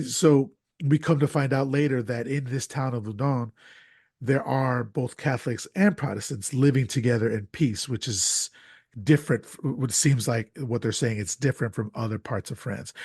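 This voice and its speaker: A podcast host talking about a film in a casual, animated way, with many restarts and wry asides. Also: male voice, mid-range voice, slightly rough, no echo, studio quality.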